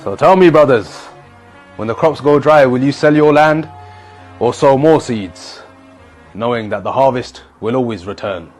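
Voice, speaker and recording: A man's voice: mid-range voice, a little slow, darkish tone, soft background music. A man delivering a solemn, preachy mock motivational speech.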